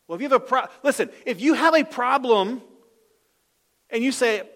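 High-voiced preacher, loud then hushed. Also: male voice, lively intonation, normal speed. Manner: swings from loud emphatic calls to soft low asides. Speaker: pastor. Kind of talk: sermon.

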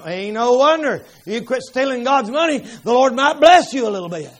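High-voiced preaching man, fervent and folksy. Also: expressive, moderate pace. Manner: folksy, fervent, bursts into shouting. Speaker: pastor. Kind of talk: revival sermon storytelling. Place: church sanctuary.

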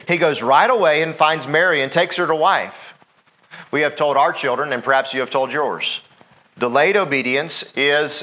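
A man's voice: fairly high pitch, sharp tone. A middle-aged man, a pastor preaching a sermon in a folksy way, often asking the congregation "Amen?".

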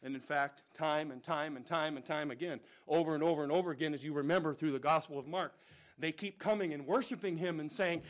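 Preaching in a voice that's a little high and a little fast, this male pastor delivers an emphatic, repetitive sermon. He shifts back and forth from booming proclamations to quiet asides.

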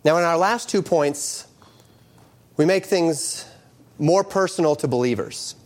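A middle-aged male pastor preaching a sermon, moving from quoted scripture into lively storytelling. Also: a little high, measured pace.

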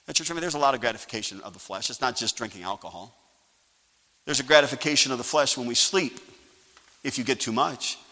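A male pastor preaching a sermon, calling for amens and swinging from quiet asides to loud emphasis. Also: medium pitch, quick pace. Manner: preaching with call-and-response. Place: church sanctuary. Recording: live church sanctuary with long reverb.

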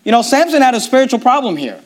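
A man's voice: extremely high pitch, sing-song, fast. A man preaching a sermon, reading scripture aloud and asking his listeners pointed rhetorical questions.

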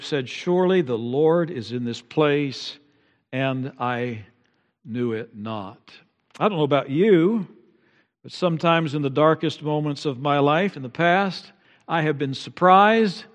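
A middle-aged male pastor delivers a sermon, his speaking voice sitting a little higher than most men's. He drops to near-hushed passages, then climbs to loud, emotive peaks. Each phrase trails off into the long reverb of a large church hall. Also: unhurried.

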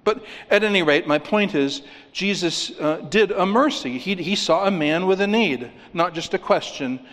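Guy preaching a sermon, kinda high voice, gets loud then goes real quiet, big echoey hall. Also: normal speed. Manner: emphatic preaching, rising on key points, drops low and quiet to stress. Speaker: pastor.

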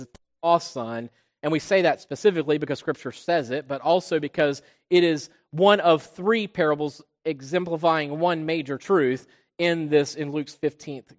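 A man preaching a sermon as pastor. He swells loud on key points and drops low and soft on quiet ones. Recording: long reverb of a large hall.

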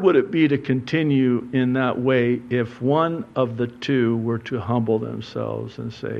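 A man preaching in a slow, deliberate sermon style, with playful asides and quoted voices. His voice sits in a middle register. The recording is a little dull and muffled. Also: mid-range voice, steady tone, vocal fry. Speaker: pastor. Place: church sanctuary.

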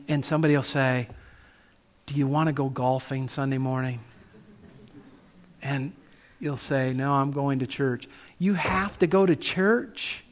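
A man preaching a sermon, asking rhetorical questions and slowing down to stress key phrases. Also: on the high side. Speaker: pastor.

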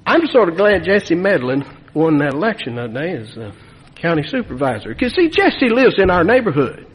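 A man preaching a sermon in a folksy, animated way, with asides to his congregation. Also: on the high side, moderate pace. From Nevada. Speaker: pastor. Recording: long reverb of a church hall.

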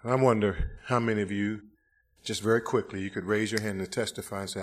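A middle-aged man preaching a revival sermon in a church, swinging between fervent shouts and hushed, gentle pleading during an altar call. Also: lowish voice, steady tone, a little fast. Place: church sanctuary.

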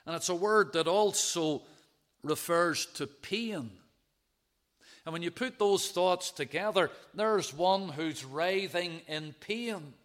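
A man delivers a sermon, reading scripture verses aloud and lingering on them in a measured, emphatic manner. His voice sits high and sounds a bit bright.

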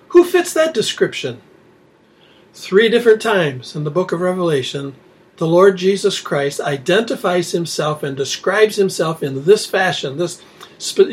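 A man preaching an expository sermon, reading scripture aloud and explaining it with rhetorical questions. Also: high voice. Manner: rhetorical questions, dropping to quiet emphasis.

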